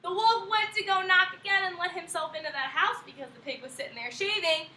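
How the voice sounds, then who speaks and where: Animated high-voiced woman reading a storybook aloud. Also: quick pace. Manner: animated and expressive, laughing along with listeners. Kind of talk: reading a picture book aloud. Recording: echoey room from a distance.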